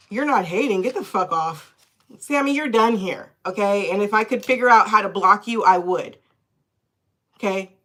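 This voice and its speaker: A woman tarot reader talking live into her phone, animated and indignant, cursing freely as she vents. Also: medium pitch, moderate pace. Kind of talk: live-streamed tarot chat.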